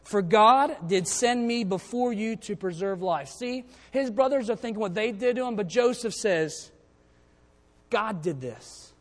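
A man's voice: high voice, moderate pace, few pauses. A man preaching a sermon, reading scripture verses aloud and then explaining them in a conversational way. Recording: long reverb of a church hall.

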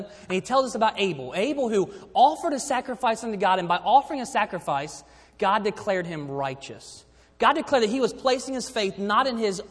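A man preaching a sermon, often dropping to quiet emphasis and then rising again. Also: high voice, husky. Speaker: pastor. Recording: long hall reverb.

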